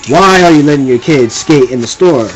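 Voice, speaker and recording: A man's voice: on the high side, expressive, normal speed, soft background music, low-quality recording. Exasperated young man ranting. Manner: exasperated, rambling, repeats himself. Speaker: vlogger ranting. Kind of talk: casual rant to camera.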